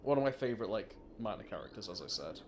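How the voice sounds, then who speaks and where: A man's voice: on the low side, animated, quick pace, noisy background. A man hosting a let's play, chatting casually and rambling with many restarts. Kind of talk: casual gameplay commentary.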